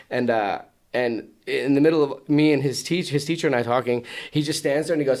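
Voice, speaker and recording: A BMX show announcer telling a lively story from a podcast studio. He acts out other people's lines in loud, raised voices. His voice sits at an ordinary middle pitch. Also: fairly quick. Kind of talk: animated storytelling.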